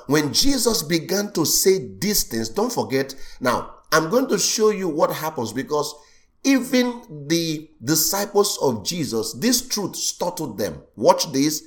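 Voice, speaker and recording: A middle-aged pastor preaching his sermon with a voice that swings widely in pitch. He is animated, rising and pushing hard on key lines and dropping low and soft to reassure. He often slips into the voices of the people he quotes.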